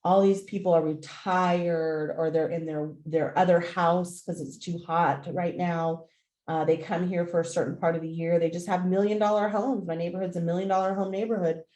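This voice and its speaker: Animated woman telling a story, roomy echo. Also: normal speed. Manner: animated, profane, swings into loud high-pitched retellings. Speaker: podcast host. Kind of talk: casual storytelling monologue.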